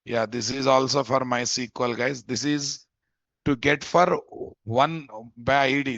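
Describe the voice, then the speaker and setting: A man's voice: mid-range voice, steady tone, a little slow, a bit bright, dry recording. A man teaching a live coding lesson. He thinks aloud, repeats phrases, and keeps checking in with "guys?". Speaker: programming instructor. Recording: dull, dry lo-fi mic audio.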